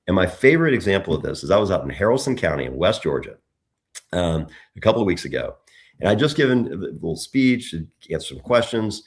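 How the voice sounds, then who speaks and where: Animated middle-aged man telling stories. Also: deep voice, brisk. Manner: animated storytelling, frequent restarts. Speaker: political candidate as guest. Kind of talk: conversational interview.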